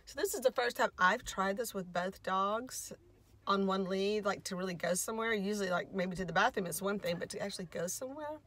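A rambling, chatty middle-aged woman, vlogging in a relaxed, casual way. Her voice sits at an ordinary middle pitch. She drifts from topic to topic and often stops to talk to her dogs. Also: fairly quick. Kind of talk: casual chat.

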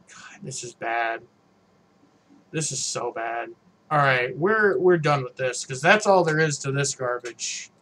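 A man's voice: a little high, fairly bright tone. A man hosting a gaming channel, giving casual commentary as he plays, blunt and mocking, with frequent swearing.

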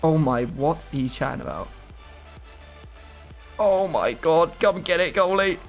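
A man giving excitable, playfully outraged commentary while playing a football video game. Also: a little high, measured pace, faint music behind. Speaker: gaming YouTuber.

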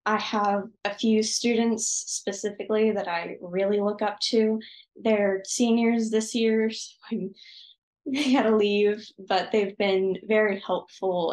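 Enthusiastic young girl in an echoey room. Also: mid-range voice. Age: teenage 7th grader. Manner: enthusiastic, gushing, quick bursts. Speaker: student guest. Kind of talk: interview answers.

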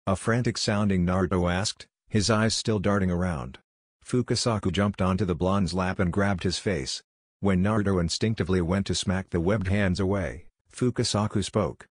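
A man reads a fan-fiction story aloud at an even, unhurried pace. His voice is very low and the recording is dry and close, with no room sound. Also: no echo. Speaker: narrator.

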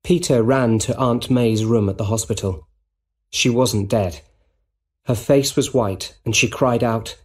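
Slow husky male storyteller. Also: medium pitch. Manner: clear, deliberate reading. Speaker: narrator. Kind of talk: slow storybook reading for English learners.

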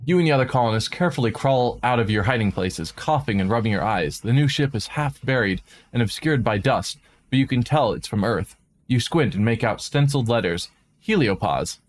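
A man streaming a game, reading a visual novel aloud with dramatic narration and quick asides of his own. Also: mid-range voice, lively intonation. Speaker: let's play streamer.

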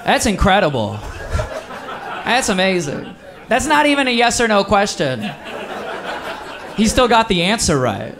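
Upbeat comedian telling a story. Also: male voice, sits high, a little slow, long pauses, a crowd in the background, noisy background. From Wisconsin. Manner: animated storytelling with acted voices. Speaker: stand-up comedian. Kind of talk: stand-up comedy set. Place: live comedy venue. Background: audience laughter.

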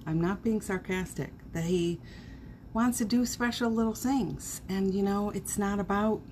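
A middle-aged woman chats through a morning live stream, greeting each viewer by name with gushing warmth. Her voice sits low and she talks at a slow, drawn-out pace. A faint hum of noise sits behind her. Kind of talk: casual live-stream chat.

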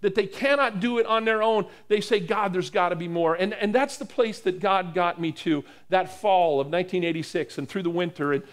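A man from the US East Coast preaching a sermon, telling a story in an animated way and acting out the dialogue in it. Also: sits high, fairly quick, few pauses. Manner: animated storyteller, acts out dialogue, repeats words. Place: church hall with live audience.

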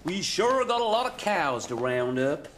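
A man voicing a swaggering, folksy cowboy in a children's show, with a slow drawl. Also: a little high, sing-song, fairly bright tone, slight background noise, pitched below the performer's own voice. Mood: jaunty.

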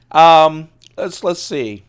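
A man in his late fifties, casually showing his pocket items on a vlog, rambling and laughing as he goes. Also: medium pitch. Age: 50s. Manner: chatty, laughs often, digresses. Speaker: EDC video host. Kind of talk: casual rambling show-and-tell.

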